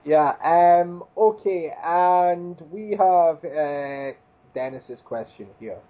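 A man's voice: on the high side, extremely slow, highs cut off. A man co-hosting a podcast, joking around in an easygoing, casual way. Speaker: podcast co-host. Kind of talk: casual chat.

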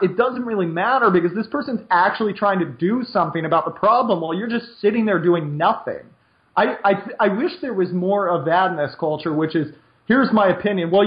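A high-pitched man chats on a podcast, rambling and opinionated, often restarting his sentences. His voice sounds roomy and echoey, and the recording is dull and lo-fi. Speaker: podcast co-host. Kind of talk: casual podcast chat.

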